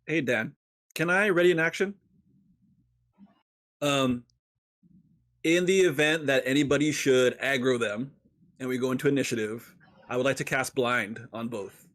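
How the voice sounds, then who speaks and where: A man's voice: mid-range voice, normal speed, pauses often, fairly bright tone, no echo, clean studio sound. A man playing a tabletop game, joking in playful banter. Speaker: player.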